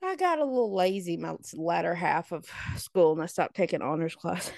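A woman in her late thirties, a podcast co-host telling high school stories in a snarky, animated way. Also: moderate pace, gravelly, no echo, clean studio sound. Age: late 30s. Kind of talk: casual storytelling chat.

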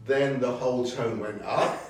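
A man's voice: mid-range voice, unhurried. A man in a study group, sharing a thoughtful idea in a musing, conversational way. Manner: thoughtful, musing, interrupts politely. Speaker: group member. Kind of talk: casual chat. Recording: very echoey, distant from mic.

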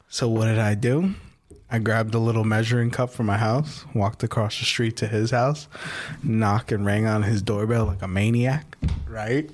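A man's voice: on the low side, steady tone, normal speed, slight background noise. A man on a podcast telling a prank story in casual chat, teasing and laughing as he goes. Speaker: podcast co-host.

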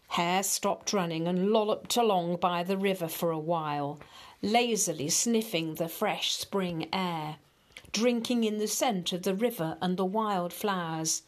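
A woman reading a children's story aloud in a gentle, unhurried way, talking to the children directly. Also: on the low side.

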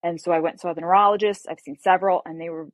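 A woman novelist telling her story as an interview guest in an animated, conversational way. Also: on the low side, very fast, no echo. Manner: animated, acts out dialogue while telling a story.

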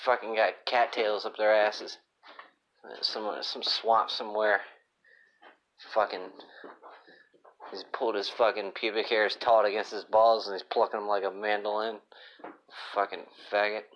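A man with a fairly low, fairly bright voice delivers a crude, rambling comedic podcast monologue, swearing nonstop and sounding moody. He keeps a measured pace with little pitch movement and frequent pauses. The dull lo-fi phone app recording has a little hiss or hum.

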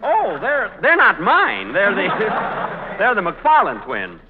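A man's voice: high voice, wildly swooping pitch, slow pace. A man hosting a 1940s radio comedy, with hesitant stammers and dry comic timing. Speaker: comedy show host. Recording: hissy lo-fi old radio recording.

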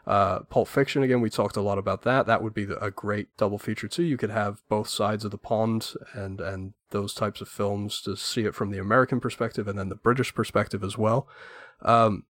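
A man's voice: lowish voice, steady tone, fairly quick, fairly bright tone, dry recording. A man guesting on a film podcast, talkative and enthusiastic, giving strong opinions at length. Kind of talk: casual film podcast chat.

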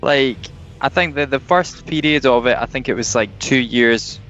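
A man talks casually on a podcast, explaining things at length in a relaxed way. His mid-pitched voice sounds a little dull and lo-fi. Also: normal speed, soft background music. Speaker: podcast co-host. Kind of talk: casual chat.

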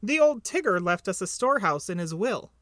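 A man voicing a timid, eager little male piglet in a storybook reading, high and squeaky. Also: big pitch swings, brisk, fairly bright tone, dry recording, clean studio sound. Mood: excited.

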